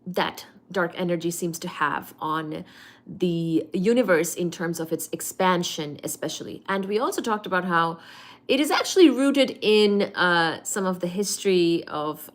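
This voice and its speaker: A woman's voice: lowish voice, moderate pace. A woman hosting a late-night livestream, chatting and greeting viewers by name before explaining cosmology with many fillers. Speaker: livestream host teaching physics.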